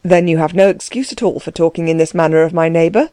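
A woman voicing a composed aristocratic landowner, speaking in a measured, coolly condescending way. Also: deep voice, warm tone, clear, resonant tone, no room sound, close to an everyday voice. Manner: cool, measured, dry.

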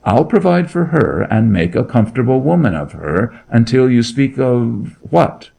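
A man's voice: mid-range voice, big pitch swings, unhurried, vocal fry, mellow, pitched above the performer's own voice, heavily acted. A man reading a story aloud, voicing a grim and menacing duke who interrogates with cold authority. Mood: solemn. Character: grim, menacing nobleman, a middle-aged duke.

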